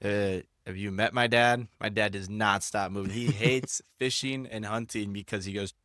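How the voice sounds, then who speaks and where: Hyper, rambling young man, low voice. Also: fairly even intonation, normal speed, a bit bright, dry recording, clean studio sound. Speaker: podcast co-host. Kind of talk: casual podcast chat and scripture reading.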